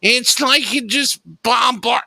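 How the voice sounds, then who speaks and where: Very bright, high-voiced joking man. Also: slow, gravelly, no echo. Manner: joking, mock-helpless. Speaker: radio show co-host. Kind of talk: casual comedic chat.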